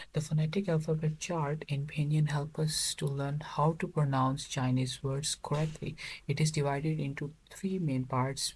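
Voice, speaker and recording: Monotone hesitant male language teacher. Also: medium pitch. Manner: hesitant, frequent filler pauses. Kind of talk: narrated tutorial.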